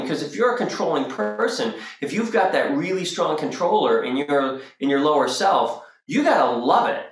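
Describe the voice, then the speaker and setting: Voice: medium pitch, big pitch swings, unhurried, roomy sound, low-quality recording. A spiritual workshop teacher talking casually to a group, acting out quoted voices and laughing along.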